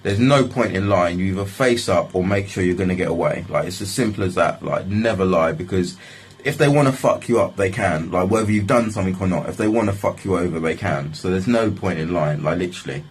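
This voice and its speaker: A man's voice: low-pitched, fairly quick, slight background noise, poor audio. A young man telling a story in a casual, rambling way, swearing often and leaning on filler phrases. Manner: swearing, rambling, repeats "like, literally".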